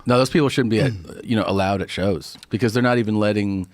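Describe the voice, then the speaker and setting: A man telling a profane, animated story in a casual podcast chat. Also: fairly low pitch, fast talker, slight background noise. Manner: animated storytelling, profane, acts out other people's lines. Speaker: stand-up comedian and podcast guest.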